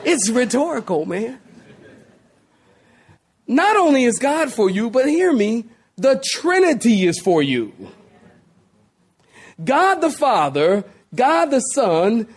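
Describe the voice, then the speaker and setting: A man preaching a sermon as pastor, addressing listeners as saints, drawing out key words with dramatic pauses and speeding up through long lists. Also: extremely high pitch, very animated, slightly rough. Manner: acts out quoted exclamations with rising energy.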